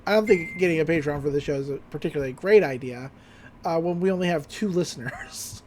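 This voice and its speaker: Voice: medium pitch, fast, darkish tone. A podcast host recapping a cartoon episode in casual chat, laughing often and slipping into character voices.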